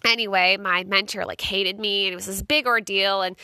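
A woman's voice: mid-range voice, fairly even intonation, a little fast, sharp tone, no room sound. A young woman hosting her podcast in a chatty, rambling way, with lots of "like". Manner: chatty, rambling, says "like" a lot. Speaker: podcast host. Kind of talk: casual podcast monologue.

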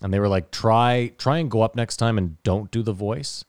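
A man co-hosting a podcast in casual chat, swearing freely and telling stories at a quick clip. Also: on the low side, a little mellow, dry recording, studio quality. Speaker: podcast co-host.

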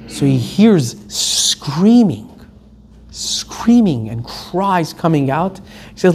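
A man's voice: fairly high pitch, lively intonation, slow pace, darkish tone. A man teaching a Torah lesson, telling stories emphatically and acting out the quotes. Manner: emphatic storytelling, acts out quotes.

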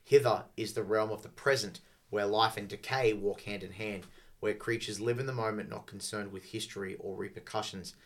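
Low-voiced man reading from a game book. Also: fairly even intonation, a bit bright. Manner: chatty, halting restarts when reading. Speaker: podcast host. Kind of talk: casual chat and reading aloud from a game book.

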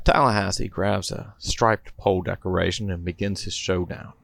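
A man's voice: low-pitched, steady tone, normal speed, vocal fry, a bit bright, no room sound. A man and podcast host reading out a comedy story in a playful storytelling manner. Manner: playful storyteller, chuckling between bits.

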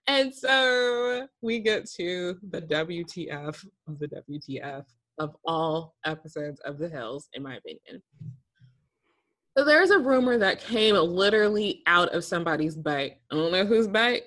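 A woman's voice: on the low side, lively intonation, unhurried, a bit bright. A woman co-hosting a casual recap podcast, ranting with exasperation and laughing often. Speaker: podcast co-host.

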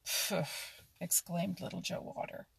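Brief: woman narrator for a storybook, very breathy, a gravelly edge. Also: mid-range voice, measured pace. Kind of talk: reading a children's animal story aloud.

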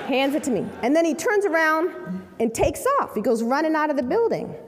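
Woman, lawyer and organizer, earnest storyteller, high voice; recorded in a large reverberant hall. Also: animated, fairly quick, noisy background. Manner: earnest, vivid narration. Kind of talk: storytelling talk to an audience.

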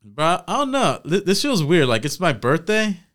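A man's voice: a little high, very animated, moderate pace, a bit bright. A man in his twenties co-hosting a podcast, swearing and laughing often in casual chat. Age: 20s. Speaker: podcast co-host.

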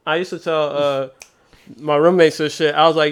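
A man's voice: a little high, flat delivery, moderate pace, smooth. A young man in casual chat, telling stories in a laid-back, slangy way.

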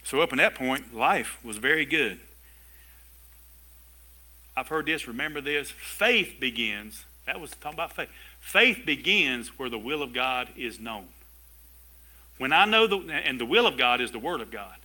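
A man pastor preaching a sermon in a lively way, with asides and chuckles to his congregation. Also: medium pitch, unhurried, pauses often. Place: church service with a congregation.

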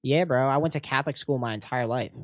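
A man's voice: mid-range voice, quick pace, dry recording, clean studio sound. A young man, a comedian on a podcast, chatting casually, swearing and using lots of fillers. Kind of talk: casual chat.

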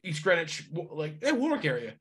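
A man from Rhode Island hosting a casual chat, reacting loudly and with animation. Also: a little high, wildly swooping pitch, a little fast, husky.

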